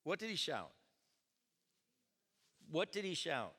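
A man pastor preaching a sermon at a church service, animated and questioning his congregation as he tells the story. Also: fairly high pitch, slow, slightly rough. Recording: echoey church hall.

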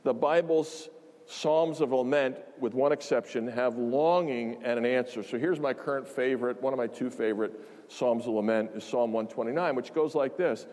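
A man's voice: medium pitch, moderate pace, a little mellow, long reverb tail. A man preaching a conversational, emphatic sermon, full of asides and repeated phrases.

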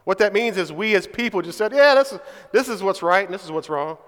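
A man preaches a sermon in a church with emphatic energy, regularly checking in with listeners by asking "right?" His voice is high, fast and fairly bright, with lively intonation, heard in a reverberant hall.

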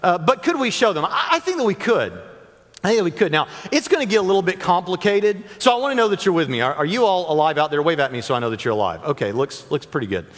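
A man's voice: high-pitched, sing-song, quick pace, a bit bright. A man giving a talk to a live church audience from the stage, joking with the crowd and speaking directly to them. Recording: long reverb of a large hall.

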